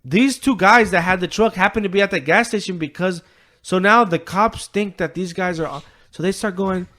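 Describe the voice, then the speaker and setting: Man, slightly high voice, casual podcast chat, swears a lot, rambles, acts out quotes. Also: normal speed, pushed and bright. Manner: profane, rambling retelling with filler words. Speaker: podcast co-host. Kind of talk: casual chat, retelling a story.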